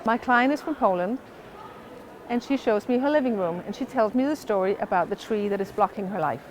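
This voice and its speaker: A woman coach, outdoors at a museum park, calmly telling a story about a client session and quoting both sides of the dialogue. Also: mid-range voice, brisk, slight background noise, rough recording. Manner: calm, retelling a coaching session with quoted dialogue. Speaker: house coach. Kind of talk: storytelling monologue to camera.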